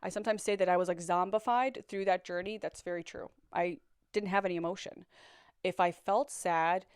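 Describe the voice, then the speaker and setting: A young woman recounts her own experience in a candid, reflective manner, at times repeating a word while she finds the next. Her voice sits low and sounds smooth and clear, and the recording is dry and close with no room sound. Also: fairly even intonation, fairly quick, no room sound. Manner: candid, reflective, repeats words when searching for them. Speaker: survivor sharing her story. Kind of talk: personal storytelling.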